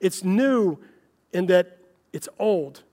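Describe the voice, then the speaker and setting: High-voiced pastor in a reverberant hall. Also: male voice, lively intonation, takes it slowly, warm tone. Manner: folksy storytelling, addresses listeners as "guys". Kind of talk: conversational sermon.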